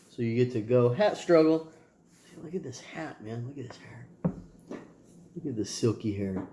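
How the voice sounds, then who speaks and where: Recorded in a roomy space with a faint hiss or hum, a man talks slowly at medium pitch, his darkish voice swinging widely in pitch between long pauses. Nasal, tired, and sore, he's a father rambling casually to his kids in a video diary, loose and packed with ums and sighs.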